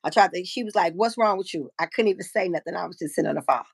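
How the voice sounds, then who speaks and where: A woman in her fifties tells a personal story on her live stream, blunt and salty, acting out each side of a conversation. Her voice sits low with a gravelly edge, and the sound is close and dry with no room around it. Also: rapid-fire, no room sound. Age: 50s. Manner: frank, profane, animated storyteller who acts out quotes. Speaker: livestream host. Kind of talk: casual storytelling chat.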